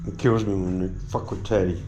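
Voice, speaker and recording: An American man, a motorcycle travel vlogger, talking in a rambling, halting way with lots of swearing and repeated words, sore and shaken after a beating, in a hotel room. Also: sits low, fairly even intonation, dark tone, faint music behind. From United States. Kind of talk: casual vlog monologue.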